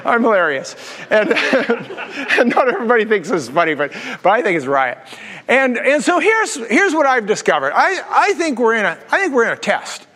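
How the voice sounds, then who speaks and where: Guy pastor preaching, kinda high voice, jokey and animated, big echoey church hall. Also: normal speed. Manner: animated preaching with jokes and rhetorical questions. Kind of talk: sermon.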